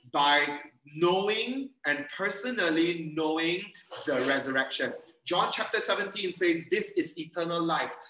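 Male preacher, earnest, repetitive emphasis, bright tone, roomy sound a little off-mic. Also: a little high. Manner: earnest, repeats phrases for emphasis. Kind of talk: sermon over video call. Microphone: video call. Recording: echoey room, a bit far from mic.

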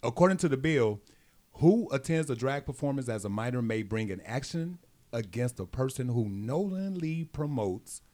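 A man's voice: medium pitch, lively intonation, moderate pace, darkish tone. Blunt, profane man co-hosting a podcast. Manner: explains news stories, blunt and profane. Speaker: podcast co-host. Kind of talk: casual podcast chat.

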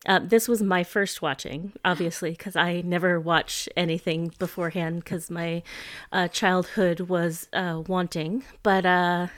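A woman's voice: on the low side, steady tone, unhurried, dry recording, clean studio sound. A woman co-hosting a casual podcast chat, enthusiastic and chatty. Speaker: podcast co-host.

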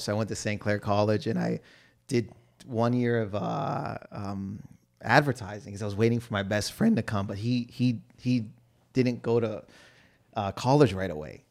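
A man chatting as a podcast guest, telling anecdotes in loose, profane talk full of fillers and acting out other people's lines in loud voices. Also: lowish voice, normal speed, gravelly. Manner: animated storyteller who acts out quotes in loud voices. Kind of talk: casual chat, anecdotes.

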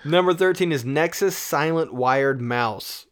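A man's voice: on the high side, a little slow, clear, resonant tone. A man co-hosting a podcast, reading product reviews aloud in casual chat, joking and laughing often. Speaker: podcast co-host.

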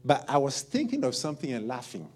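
A man preaching a midweek sermon, lively and conversational, often repeating words as he works out his thought. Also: medium pitch, fast talker, slight background noise. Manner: animated, repeats words while thinking aloud. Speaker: pastor.

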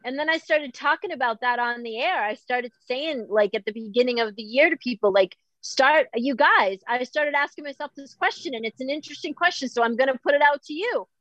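Middle aged woman from boston, chatty and candid, highish voice, dull lo-fi sound. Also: brisk, hardly any pauses, dry recording. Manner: animated, self-deprecating, quotes herself often. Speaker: podcast guest. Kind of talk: candid conversational chat.

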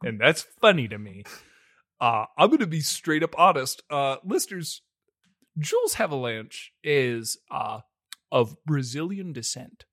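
Animated, swearing podcast host man. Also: medium pitch, measured pace, no echo, clean studio sound. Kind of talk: casual movie-review chat.

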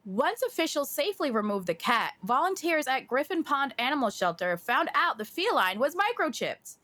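A woman's voice: sits high, sing-song, normal speed, sharp tone. A woman co-host reading a news article aloud on a podcast, breaking in with chatty asides.

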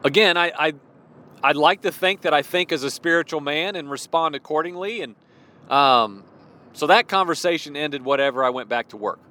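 A man in his forties with a slight Midwestern accent talks from his car in a relaxed devotional vlog. His voice sits a little higher than most men's. He is chatty and expressive, often restarting his sentences and chuckling as he goes. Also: normal speed. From Illinois. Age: 40s. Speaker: Christian vlogger. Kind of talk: casual devotional talk while driving.

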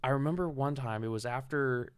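Male guest, mid-pitched and smooth, halting storyteller with many restarts. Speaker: guest musician and stage manager. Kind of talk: casual chat.

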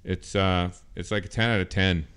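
Male co-host, low smooth voice, blunt and profane. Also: fairly even intonation, normal speed, a bit bright. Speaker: podcast co-host. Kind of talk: casual movie-review chat.

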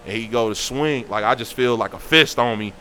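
Animated man telling a story. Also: medium pitch, brisk, slight background noise. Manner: animated, acts out quoted voices. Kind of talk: casual storytelling.

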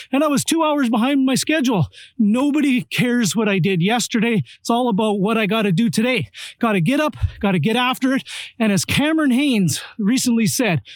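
A man giving a punchy, energetic motivational pep talk as a real estate investing coach, full of rallying catchphrases. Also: high voice, dry recording, studio quality. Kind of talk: motivational monologue.

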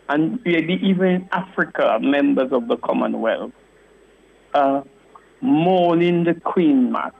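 A man's voice: a little high, vocal fry. A male caller, speaking passionately and repetitively to a radio host and often saying the host's name. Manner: impassioned, repetitive, keeps addressing the host by name. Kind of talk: call-in radio rant. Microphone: telephone. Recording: phone-line caller audio.

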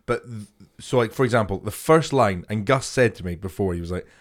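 Sweary comedian telling stories. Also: male voice, lowish voice, fairly quick. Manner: sweary, storytelling, laughs often. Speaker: comedian podcast co-host. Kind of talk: casual chat.

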